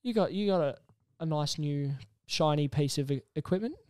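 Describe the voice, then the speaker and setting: A young man co-hosting a podcast, telling stories with animated energy and a lot of swearing. His voice is smooth and sits a little high. The room sound is dry and close. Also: moderate pace, dry recording. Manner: animated storyteller, swears freely. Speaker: podcast co-host. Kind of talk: casual chat.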